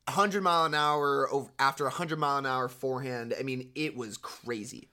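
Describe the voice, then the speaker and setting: A man's voice: mid-range voice, fairly even intonation, fairly quick, bright, forceful tone. A man co-hosting a casual tennis podcast, emphatic and opinionated. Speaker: podcast co-host. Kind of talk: casual sports podcast chat.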